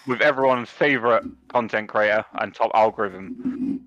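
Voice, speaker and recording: A man's voice: lowish voice, normal speed, a bit bright, muffled recording. A man co-hosting a casual podcast, laid-back and sweary, laughing often. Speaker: podcast co-host.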